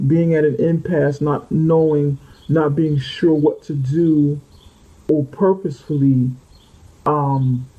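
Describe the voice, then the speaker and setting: A man's voice: fairly high pitch, mellow. A man giving a rambling, unscripted tarot reading who often repeats and corrects himself. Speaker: tarot reader. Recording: muffled lo-fi audio.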